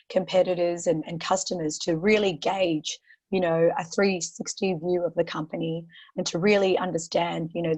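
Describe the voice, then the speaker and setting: An Australian woman with a croaky voice, answering interview questions as a guest on a webinar, talking steadily with lots of "you know" and "um" fillers. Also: lowish voice, darkish tone. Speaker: portfolio manager guest.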